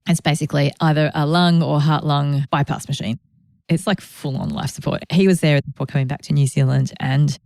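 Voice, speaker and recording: A woman's voice: low-pitched, vocal fry, a little mellow, no echo, clean studio sound. A woman hosting a podcast, talking in a reflective, conversational way with grateful asides. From Australia. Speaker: podcast host. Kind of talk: reflective solo podcast talk.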